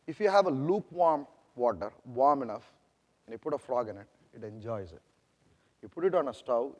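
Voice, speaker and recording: A man's voice: mid-range voice, darkish tone. A man with an Indian accent giving a conference presentation, talking conversationally with many restarts and questions to the audience. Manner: conversational, frequent restarts and "right?" checks to the audience. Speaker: product manager presenting at a conference. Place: large conference hall. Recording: long echo of a conference hall.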